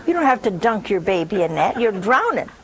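On a religious call-in show, a woman with a mid-range voice and big pitch swings preaches fairly quickly amid background noise. She answers callers, stresses and repeats her points, and adds scornful asides.

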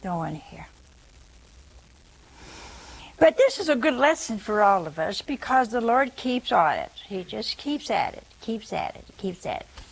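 A woman's voice: mid-range voice, sing-song, normal speed, creaky, slight background noise, poor audio. A woman preaching a sermon, telling the story with acted-out quotes, rhetorical questions and asides to her listeners.

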